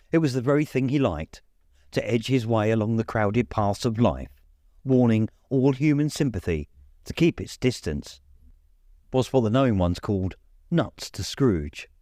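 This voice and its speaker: A man reading a classic novella aloud as an expressive audiobook narrator. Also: fairly low pitch, dry recording, studio quality. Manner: animated storyteller.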